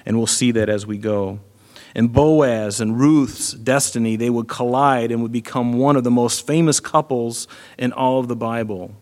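Guy preaching a sermon, earnest and chatty, lots of you-knows, mid pitch voice. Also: steady tone, normal speed, darkish tone. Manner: earnest, conversational preaching with frequent fillers. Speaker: pastor.

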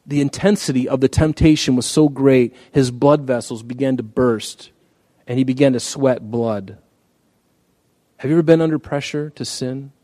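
A man's voice: mid-range voice, dark tone, no room sound. A man preaching a conversational, earnest sermon, reading scripture and applying it with emphatic rises. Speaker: pastor. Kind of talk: expository sermon.

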